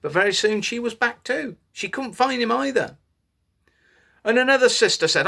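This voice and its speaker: A man's voice: high voice, moderate pace, vocal fry, husky. Guy telling a story to toddlers, bouncy, gets them to join in. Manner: lively, animated, invites children to join in. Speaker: storyteller for young children. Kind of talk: interactive children's story reading.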